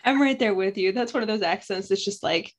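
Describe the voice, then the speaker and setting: A woman's voice: mid-range voice, fairly quick. Playful, teasing woman podcast co-host. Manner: playful, teasing, laughs often. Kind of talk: casual chat book review.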